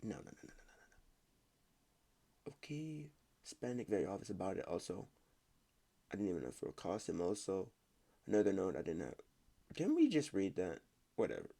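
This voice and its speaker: A man's voice: sits low, wildly swooping pitch, brisk, vocal fry, pauses often, warm tone, breathy edge. A man reading online stories aloud in a casual way, stumbling over words and breaking off to comment on his own reading.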